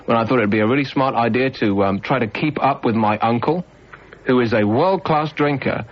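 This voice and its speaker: A man's voice: medium pitch, fairly quick. A man from the UK hosting a late-night radio phone-in, talking in a wry, teasing, rambling way. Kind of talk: casual radio phone-in chat. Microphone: studio microphone. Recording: dull 1990s radio broadcast with faint hiss.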